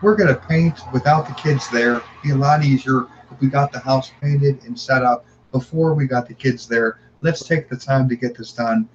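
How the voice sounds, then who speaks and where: A man's voice: medium pitch, normal speed, few pauses, muffled recording, a little hiss or hum. A man, a podcast guest, earnestly telling a personal story in conversation and often repeating his words as he goes.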